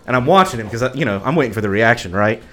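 A relaxed man hosting a casual chat, telling a story with a joke in it and easy swearing. His voice sits at a middle pitch, with faint noise under the recording. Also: rapid-fire.

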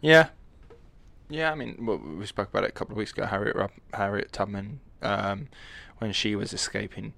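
A man co-hosting a casual podcast, blunt, with quick reactions. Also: fairly low pitch, gravelly, fairly bright tone, dry recording. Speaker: podcast co-host.

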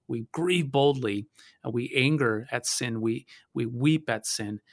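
Gravelly guy pastor, earnest, stops and restarts a lot, dry close mic. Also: medium pitch, no echo. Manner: earnest, measured, halting with restarts and fillers. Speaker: pastor and guest. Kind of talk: conversational theology discussion.

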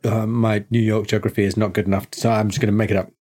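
A man running a tabletop game as game master, narrating in a relaxed, hesitant way full of fillers. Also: lowish voice, fast. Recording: guitar music behind the voice.

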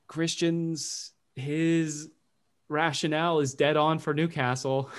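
A man's voice: on the high side, little pitch movement. A man co-hosting a sports podcast in casual chat, rambling and correcting himself as he goes. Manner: rambling, self-correcting, quick to laugh. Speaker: podcast co-host.

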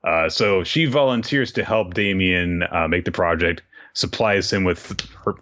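Deep-voiced man rambling through a recap. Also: unhurried, hardly any pauses, a bit bright, muffled recording. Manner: loose, rambling, with many fillers and crude asides. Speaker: podcast host recapping a manga. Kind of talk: casual recap chat.

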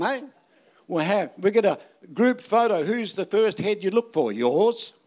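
Older aussie preacher, kinda high voice, cracks jokes and keeps asking the crowd if he's lying. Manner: jokey and emphatic, with rhetorical questions to the audience. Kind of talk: sermon with humorous stories.

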